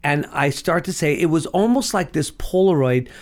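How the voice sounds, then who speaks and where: A middle-aged man tells a personal faith story in an earnest, emotional way. His voice is fairly high for a man. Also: expressive, normal speed. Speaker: guest. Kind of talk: personal testimony in an interview.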